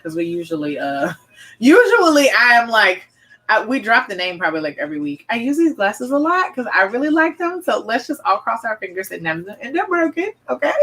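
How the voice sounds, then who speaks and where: A woman's voice: a little high, very animated, fairly quick, fairly bright tone. A woman hosting a live wine show, chatting in an upbeat way and reading out viewer comments. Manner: chatty and upbeat, reads viewer comments aloud, often says "y'all" and "honey". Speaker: host and wine reviewer. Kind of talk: live-stream chat with viewers.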